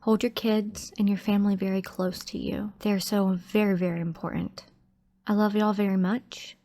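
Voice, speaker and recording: A woman hosting a true crime channel, speaking softly and emotionally to her viewers. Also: medium pitch, flat delivery, moderate pace. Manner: soft-spoken, emotional, heartfelt. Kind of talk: casual outro to viewers.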